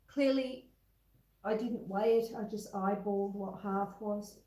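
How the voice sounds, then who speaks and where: A woman's voice: medium pitch, steady tone, a little slow, dark tone, echoey room. A woman hosting a home baking livestream, chatting casually and reading out viewers' comments while she bakes, calling people love and sweetheart. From Australia. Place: home kitchen.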